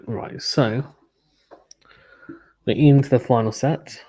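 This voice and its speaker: Young British man, casual stream host, chatty and relaxed, mid-pitched voice, reads out viewer comments. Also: slow pace, slightly rough. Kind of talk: casual live watchalong commentary.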